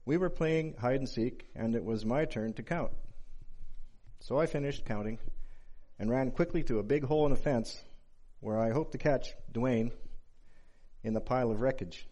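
A man in his forties delivers a sermon at a mid-range pitch. He speaks in a measured, reflective way and pauses between phrases as he works through a personal story. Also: dark tone. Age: 40s.

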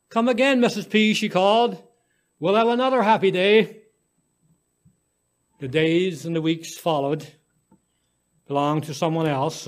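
A man reading a short story aloud in a gentle, unhurried way, now and then stumbling and restarting a word. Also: on the high side. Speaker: story reader.

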